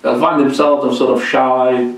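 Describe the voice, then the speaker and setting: A man, a sheikh, giving an informal, animated mosque lecture, joking and throwing in religious exclamations as he goes. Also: medium pitch, a little slow, distant mic. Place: large mosque hall. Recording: very echoey hall, voice from afar.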